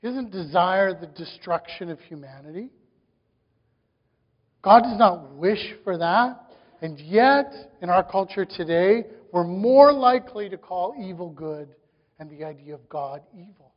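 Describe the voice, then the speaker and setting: A man with a high voice delivers a sermon, his emphasis rising through run after run of questions. His voice rings with a long reverb, and the recording has a dull, muffled tone. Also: lively intonation, a little slow. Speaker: pastor.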